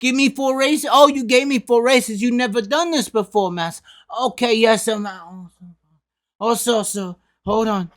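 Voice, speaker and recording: A man mocking a servile racing driver who fawns while signing a contract, speaking softly. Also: very high-pitched, fairly even intonation, normal speed, pitched above the performer's own voice. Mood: groveling. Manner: groveling, mocking. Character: fawning servile male racer signing a contract.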